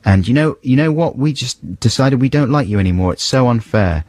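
A man's voice: medium pitch, expressive, a little fast, a little mellow, no echo. A man co-presenting a radio show in a studio, chatty and jokey, rambling with restarts. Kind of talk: casual radio banter. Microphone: studio microphone.

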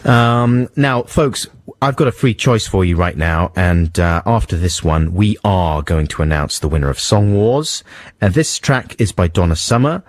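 A man hosting a radio show, chatting and joking in an animated way. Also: low-pitched, normal speed, no room sound. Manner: jokey, animated, breaks into silly voices. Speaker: radio host. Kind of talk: casual radio banter.

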